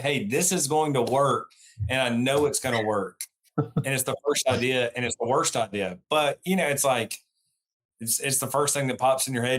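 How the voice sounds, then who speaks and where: A man's voice: mid-range voice, a bit bright. Self-mocking man, casual chat. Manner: self-mocking, restarts sentences. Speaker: podcast co-host.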